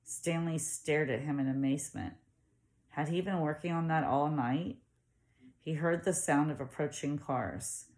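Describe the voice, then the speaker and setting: A woman narrating a novel aloud in a steady storytelling manner. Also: deep voice, measured pace. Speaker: audiobook reader. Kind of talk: audiobook narration.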